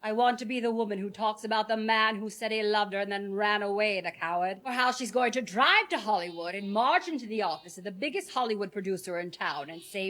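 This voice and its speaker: A woman's voice: mid-range voice, brisk, few pauses, a bit bright. A woman chatting playfully to the camera about making old-style films. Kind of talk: casual talk to camera.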